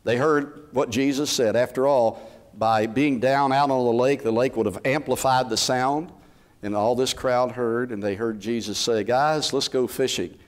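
At normal speed and in a mid-range voice, a pastor gives an animated sermon, dramatizing the words Bible characters might have said.

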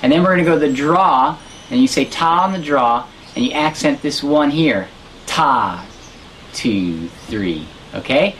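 A man teaching a harmonica lesson, explaining technique in a relaxed way and correcting himself as he goes. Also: on the high side, a little fast, slight background noise, low-quality recording. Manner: demonstrates sounds and counts beats aloud. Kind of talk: instructional lesson.

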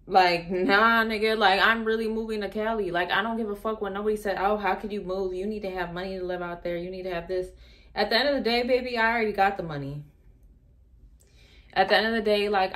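A young woman chatting candidly to her phone camera as a beauty vlogger, frank and profane, with slangy asides. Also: on the low side. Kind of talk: candid casual chat to camera.

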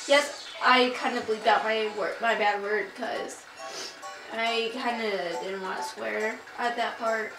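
A young woman doing casual, excitable commentary over her own gameplay, swearing and rambling. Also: on the high side, normal speed, recorded from a distance. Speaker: let's play gamer. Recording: roomy, off-mic, with game music. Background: video game music.

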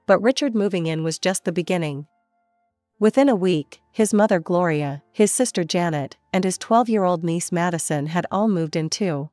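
Low-voiced woman narrating a story. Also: normal speed, a little mellow, dry recording, clean studio sound. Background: faint music.

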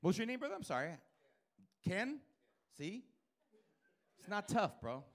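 A man's voice: high-pitched, big pitch swings, a little slow. A male stand-up comedian on a comedy club stage, doing brash, profane, teasing crowd work with the audience.

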